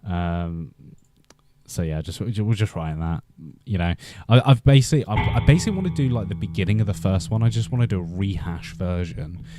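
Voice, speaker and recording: A man's voice: low-pitched, animated, a little fast, warm tone. A young Welsh man hosting a casual live stream, rambling in a chatty way with lots of fillers and restarts. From Wales. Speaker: livestream host.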